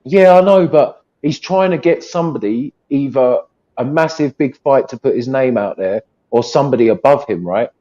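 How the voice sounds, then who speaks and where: A man's voice: mid-range voice, normal speed, dark tone, dull audio. A man with an English accent, chatting casually about boxing as a co-host, rambling and friendly. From England. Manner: chatty, rambling, says mate.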